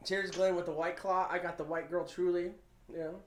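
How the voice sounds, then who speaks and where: A podcast co-host with a high-sitting voice chats casually, laughing often and swearing freely. The room is echoey, with a little hiss or hum.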